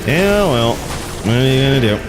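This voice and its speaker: A man's voice: medium pitch, big pitch swings, normal speed, over music. A man streaming a video game, chatting casually with viewers, laid-back and swearing freely. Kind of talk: casual gaming commentary.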